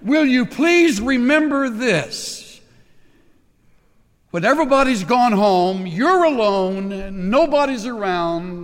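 A man's voice: sits high, long reverb tail. A man preaching a sermon as pastor, impassioned and emphatic, leading the congregation in call-and-response during an altar call. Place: large church sanctuary.

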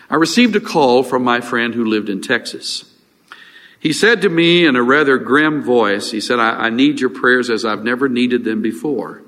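A man's voice: medium pitch, a bit bright. Older male pastor preaching in a reverberant hall. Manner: earnest, halting with restarts and fillers. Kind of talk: sermon. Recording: long reverb of a large hall.

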